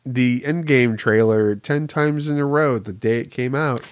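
A man's voice: mid-range voice, a little slow, clear, resonant tone. A man co-hosting a podcast in casual chat, laughing often and leaning on "like" as a filler. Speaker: podcast co-host.

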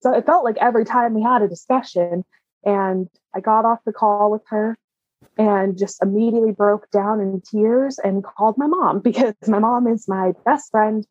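A woman's voice: mid-range voice, normal speed, a little mellow, slightly rough, dry recording, dull audio. A woman guest candidly telling a personal story, open and emotional, often laughing. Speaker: interview guest.

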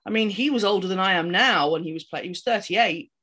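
A woman's voice: mid-range voice, quick pace, sharp tone, husky. A woman co-hosting a podcast, casually retelling a film's plot in a rambling way, with many ums and restarts. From outside the United States. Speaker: podcast co-host. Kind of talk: casual film-recap chat.

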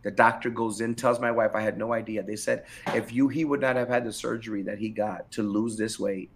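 A middle-aged man, a pastor, telling his personal testimony in a candid interview, animated and emphatic, often repeating phrases for weight. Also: fairly low pitch, brisk, slight background noise.

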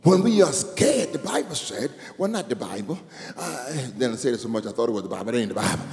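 A man preaching a sermon as bishop, calling to the congregation and rising into sung shouts. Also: medium pitch, animated, fast, vocal fry. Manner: call-and-response preaching, building to sung shouts. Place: church sanctuary. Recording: echoey church hall with music.

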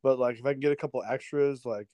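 Animated man telling a story, dry close mic. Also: medium pitch, fast talker, no echo. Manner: animated storyteller, acts out voices, laughs often, swears. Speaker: podcast guest, triathlete. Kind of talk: casual storytelling chat.

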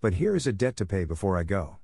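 A man's voice: deep voice, big pitch swings, fast, creaky, darkish tone, slightly rough, no echo, clean studio sound, exaggerated voice. A man voicing a fierce, defiant boy raised by wolves in a storybook reading, commanding in manner.

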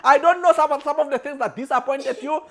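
A preacher delivering a sermon, repeating refrains and swinging from quiet lines to shouted peaks. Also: high-pitched, fast.

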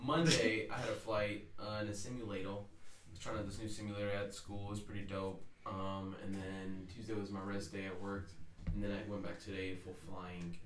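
A relaxed young man with a fairly low voice talks casually and laughs easily, swearing now and then. He sits back from the mic in an echoey room. Several people chat around him. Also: normal speed, a crowd in the background. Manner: laid-back, laughs often, loose swearing. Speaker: podcast co-host. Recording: echoey room, mic at a distance, others chatting.

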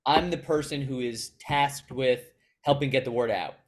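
Young guy guesting on an interview, earnest, thoughtful, mid-pitched voice. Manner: earnest, reflective, quick storytelling. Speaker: guest, sports media worker. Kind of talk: casual interview answers. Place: Chicago.

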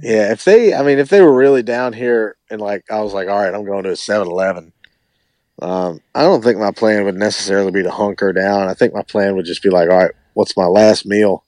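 A man, a musician guest on a podcast, chatting casually in a relaxed, rambling way with lots of hedging. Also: fairly low pitch, fairly quick, dry recording. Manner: relaxed, rambling, hedges a lot. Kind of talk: casual chat.

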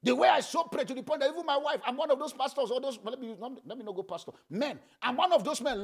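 A man's voice: extremely high pitch, quick pace, few pauses, husky. A middle-aged male pastor preaching fervently, chanting prayers and praying in tongues. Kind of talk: sermon with prayer.

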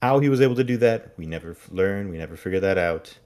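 A man's voice: sits low, animated, fast talker, a little mellow. A man co-hosting a podcast in casual chat, giving wry, critical commentary. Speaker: podcast co-host.

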